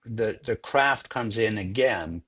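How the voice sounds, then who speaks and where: An older man speaks with a husky, slightly low voice. He tells stories in a relaxed, unhurried way during an interview and repeats words as he gathers his thoughts. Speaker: interviewed sound editor. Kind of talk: conversational interview storytelling.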